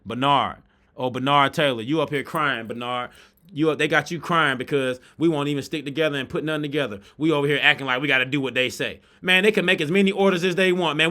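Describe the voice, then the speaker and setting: A man hosts a reaction podcast, ranting in slang-heavy commentary that swings from shouting to low, muttered asides. His voice is bright and forceful and sits a little high. He sounds preachy and fired up. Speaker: podcast host reacting to videos.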